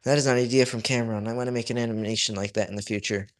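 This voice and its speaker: A young man chatting casually on his livestream while he draws, reading viewers' comments aloud and joking around, his voice swinging from loud to mumbled. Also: mid-range voice, fairly even intonation, very fast. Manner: reads chat aloud, jokey, drifts loud to mumbling. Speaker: livestreaming artist.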